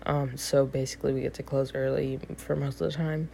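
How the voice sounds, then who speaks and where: A woman's voice: very deep voice, flat delivery, a little fast, gravelly, warm tone, slight background noise. A young woman in her late teens, a student with a part-time job, rambling casually to the camera, full of fillers and self-deprecating asides.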